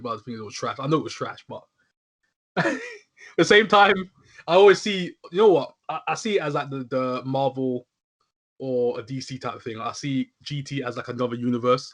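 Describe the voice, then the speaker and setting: A man's voice: medium pitch, fairly bright tone. A young man chatting casually, rambling with lots of filler words as he talks. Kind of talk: casual chat.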